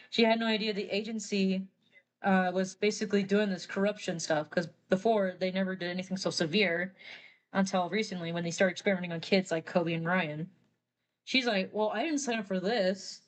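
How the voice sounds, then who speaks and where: A woman artist on a live stream, explaining story lore in a chatty, rambling way, often correcting herself. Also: mid-range voice. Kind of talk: casual live-stream chat.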